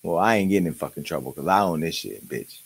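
A man's voice: low voice, very animated, fast, gravelly, slightly rough. A man hosting his own show, ranting in a profane, joking and angry way. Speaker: show host. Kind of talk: uncensored comedic rant.

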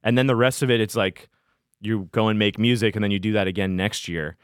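A man's voice: lowish voice, steady tone, fairly quick, clear, resonant tone, dry recording, clean studio sound. A man who tours as a DJ, chatting casually as a podcast guest and telling rambling, profane stories. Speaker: touring DJ guest.

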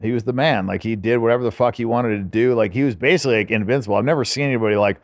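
A man's voice: mid-range voice, rapid-fire, no echo, studio quality. A man telling stories as a podcast guest in a laid-back, profane way, full of filler words. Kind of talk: casual storytelling.

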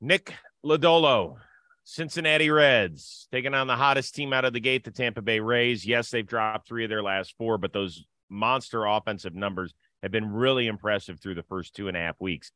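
A man's voice: on the low side, normal speed, bright, forceful tone, no room sound. A man hosting a casual baseball talk show, reading sponsor spots in an upbeat, teasing way. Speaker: podcast host.

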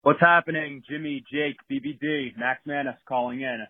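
A man leaving a voicemail for a podcast, chatty and friendly. His voice is a little husky and comes through a tinny phone line. The sound is close and dry. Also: mid-range voice, fairly even intonation, normal speed, no room sound. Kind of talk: voicemail question.

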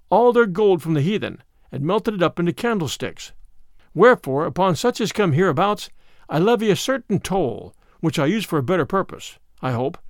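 A man's voice: a little high, no room sound, studio quality. A man doing a bold, mock-courtly outlaw.

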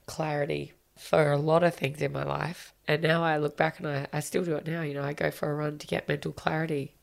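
A woman's voice: deep voice, gravelly. A woman in her thirties, a podcast guest, talking candidly and with feeling, sometimes swearing and sinking to a whisper. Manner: emotional, confessional, swears and drops to a whisper. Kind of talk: candid interview talk.

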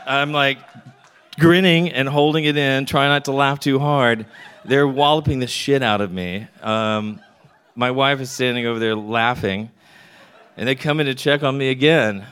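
A man's voice: mid-range voice, normal speed, fairly bright tone, smooth. A middle-aged man from Texas telling a candid comic story to a live audience, landing his punchlines wryly. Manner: wry, candid, punchline-driven joke delivery.

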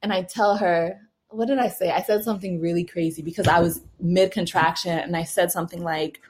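A woman's voice: fairly low pitch, fairly even intonation, fairly quick. A young adult woman telling a personal story casually, with frequent laughs, fillers and restarts. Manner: chatty, laughing often, many fillers and restarts. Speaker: mother telling her birth story.

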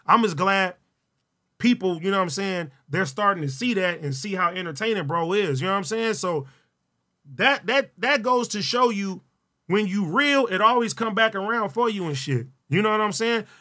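A man hosting a solo livestream, talking loud and profane with frequent laughter. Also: high voice, expressive, normal speed. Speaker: livestream host. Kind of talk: casual solo livestream chat.

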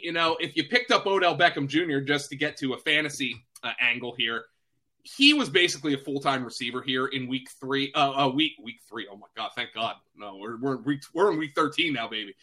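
A man's voice: fairly high pitch, sharp tone. A man talking fantasy football in a casual podcast chat, chatty and self-deprecating, with lots of fillers and restarts.

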